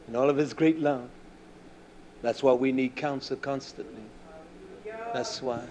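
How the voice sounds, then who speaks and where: A man with a mid-range voice preaches a sermon bluntly and scoldingly. He drops to a hush, then rises loud and emphatic.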